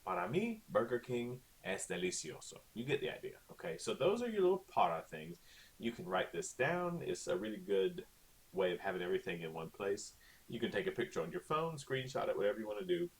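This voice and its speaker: Deep-voiced man teaching an online lesson. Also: sing-song, a little fast. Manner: casual, chatty, lots of okays and ums. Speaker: Spanish teacher.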